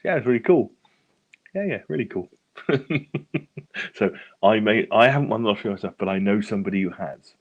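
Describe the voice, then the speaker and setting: A man's voice: on the low side, brisk, long pauses, dull audio. A British man co-hosting a casual chat show who laughs a lot and tells anecdotes. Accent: British English. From England. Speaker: podcast co-host.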